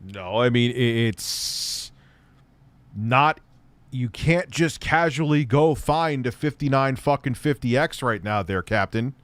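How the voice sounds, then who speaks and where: Man, reaction commentary, sarcastic and profane, mid-pitched voice, dry close sound. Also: animated, takes it slowly, fairly bright tone, no echo. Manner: profane, sarcastic, mutters asides. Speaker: host reacting to a video.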